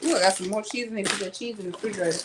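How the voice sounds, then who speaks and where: A woman's voice: medium pitch, steady tone, very fast. Chatty woman vlogging at home. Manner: chatty, rambling, talks to viewers as y'all. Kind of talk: casual chat while unpacking groceries. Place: at home, kitchen. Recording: echoey room, faint noise.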